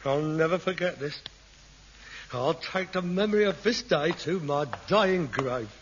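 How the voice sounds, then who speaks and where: An actor playing a self-pitying, melodramatic grown son in an old radio sitcom. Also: male voice, on the high side, unhurried, lightly acted. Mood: martyred. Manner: melodramatic, whining, theatrical. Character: hypochondriac adult son, dramatic and self-pitying. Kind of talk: 1960s radio sitcom acting. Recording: dull old broadcast recording with loud hiss.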